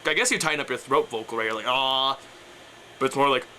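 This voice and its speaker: A man's voice: mid-range voice, expressive, very fast, very noisy. A young man explaining death metal vocals in a casual, rambling way, full of fillers and trailing off, breaking into growls and screams as he demonstrates. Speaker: vocal tutorial maker.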